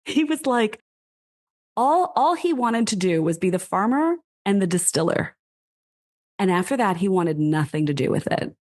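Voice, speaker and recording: A woman's voice: mid-range voice, moderate pace. A woman from the United States, a guest in a casual interview, telling her story animatedly with frequent laughs and lots of "like.". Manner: animated, laughing, heavy use of "like". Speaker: guest, whisky brand founder.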